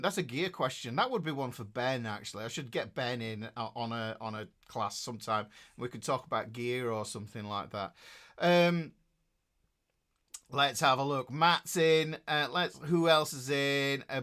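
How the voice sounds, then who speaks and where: A middle-aged guitar teacher hosts a live class, chatting casually and reading viewers' names aloud with jokes and fillers. His voice is fairly high-pitched with a fairly bright tone.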